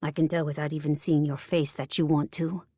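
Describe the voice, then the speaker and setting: A woman voicing a worldly, blunt female friend with a breathy French accent and a frank, unbothered drawl. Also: sits low, level tone, fairly quick, warm tone, no echo, studio quality.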